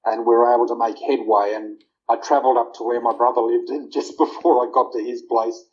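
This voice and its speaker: A man's voice: mid-range voice, fairly even intonation, brisk, darkish tone. Earnest Australian man telling his story. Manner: earnest, heartfelt storyteller who retells conversations in detail. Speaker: guest. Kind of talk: personal storytelling in an interview. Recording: slightly muffled lo-fi audio.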